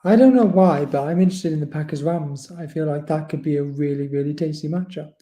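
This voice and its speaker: A man's voice: on the high side, fast, warm tone. A man co-hosting a casual sports podcast, enthusiastic with hesitant starts. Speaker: podcast co-host. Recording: echoey room.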